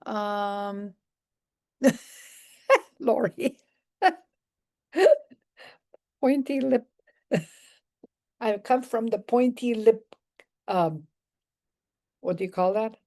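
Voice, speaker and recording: A woman teaching a live language lesson, patiently repeating each phrase and gently correcting pronunciation. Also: on the high side, very slow, pauses often.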